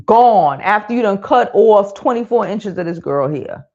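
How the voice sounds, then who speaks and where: A woman's voice: mid-range voice, animated, moderate pace, mellow. A woman in her thirties hosting a live stream, venting bluntly in casual, profane talk. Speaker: livestream host. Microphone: streaming mic. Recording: dull lo-fi stream audio.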